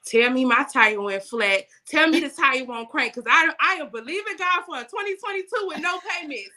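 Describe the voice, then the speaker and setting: A young adult woman guest telling faith stories in a casual, animated way, laughing often and speaking in vernacular. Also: high-pitched, moderate pace. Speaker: guest, business owner.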